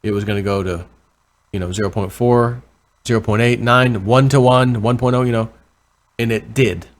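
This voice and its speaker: A man vlogging casual commentary over price charts, rambling and correcting himself, with excited bursts over numbers. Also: medium pitch, normal speed. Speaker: crypto vlogger.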